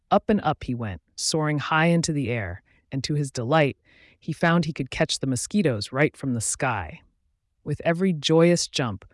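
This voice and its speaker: A man narrating a children's storybook in a gentle, lilting reading manner. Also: on the high side, dry recording, clean studio sound.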